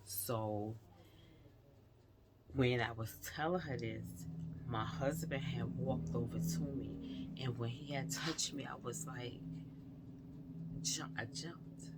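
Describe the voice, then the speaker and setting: A woman's voice: a bass voice, slow, long pauses, heavy background noise. A woman vlogger recounting a personal experience to her viewers, earnest and confiding, talking straight to them.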